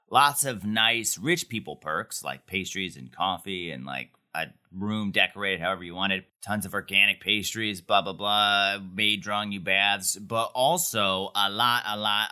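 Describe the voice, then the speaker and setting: A man's voice: fairly low pitch, sharp tone. A man co-hosting a podcast, recapping a TV episode in casual, wry, joking chat.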